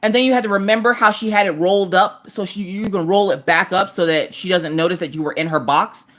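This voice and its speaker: A woman in her thirties hosting a livestream from her couch at home, chatting casually and telling animated stories, slipping into voices for the people she quotes. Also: fairly low pitch, fairly quick. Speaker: livestream host. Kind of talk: casual chat while crafting.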